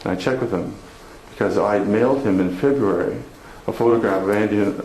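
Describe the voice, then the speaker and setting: Canadian man, keynote speaker, quick animated storyteller, echoey conference hall. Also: on the low side. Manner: animated, chatty storytelling with audience laughter. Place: conference hall before an audience. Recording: echoey hall with faint noise.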